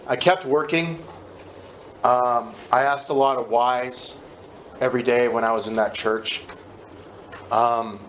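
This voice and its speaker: A man candidly telling his personal recovery story in a conversational, halting way at a meeting. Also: mid-range voice, slight background noise.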